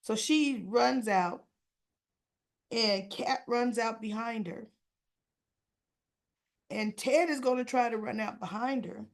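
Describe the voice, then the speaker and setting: A woman with a slightly high, gravelly voice takes her time, recapping a soap opera episode. She tells it chattily, acting out bits of the characters' dialogue as she goes. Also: takes it slowly, pauses often. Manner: chatty storytelling, quoting the characters' lines.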